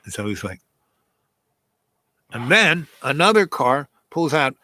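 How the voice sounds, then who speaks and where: A man's voice: fairly high pitch, big pitch swings, slow pace, bright, forceful tone, no room sound, low-quality recording. A man telling a personal anecdote in a casual, rambling way, full of fillers and asides. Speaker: host telling a personal story.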